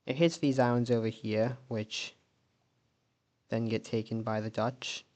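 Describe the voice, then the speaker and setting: A man narrates his alternate-history map video in a loose, conversational way, pausing often and thinking aloud. His voice sits at an ordinary mid pitch and his delivery is slow and unhurried, and he stops to question odd details or correct himself before carrying on. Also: little pitch movement, a little mellow. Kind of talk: casual narrated map commentary.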